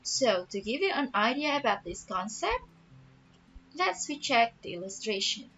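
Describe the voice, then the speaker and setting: A woman teacher explaining a math lesson patiently, repeating each step slowly. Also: a little high, big pitch swings, a bit bright, a little hiss or hum. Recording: dull lo-fi audio with faint music.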